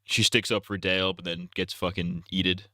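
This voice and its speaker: A man's voice: low voice, little pitch movement, moderate pace, pushed and bright, no echo. A young man co-hosting a casual stream, blunt and crude in his jokes.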